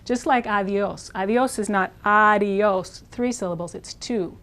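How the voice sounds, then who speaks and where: A woman leads a pronunciation lesson with a calm, mid-range voice. She slows down to model each Spanish word and says it several times so learners can copy it. Her delivery is clear and methodical. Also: mid-range voice. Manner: slow, careful modeling of Spanish words, repeated for practice. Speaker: Spanish teacher. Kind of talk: instructional video lesson.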